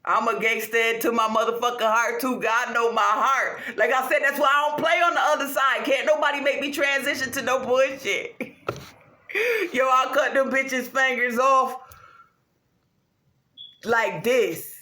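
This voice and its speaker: A woman ranting casually to her viewers, swearing heavily, animated and laughing often. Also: a little high, moderate pace. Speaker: vlogger. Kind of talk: casual rant to camera. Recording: roomy echo.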